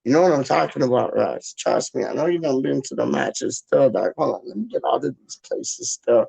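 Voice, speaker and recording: A man's voice: medium pitch, brisk, creaky, darkish tone, slightly rough, low-quality recording. A man chatting loosely late at night at home, calling the viewer "dog" and breaking into football chants. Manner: keeps saying "dog" and "how you mean", sings football chants. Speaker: vlogger. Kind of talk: rambling late-night casual chat. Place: home, just out of the shower.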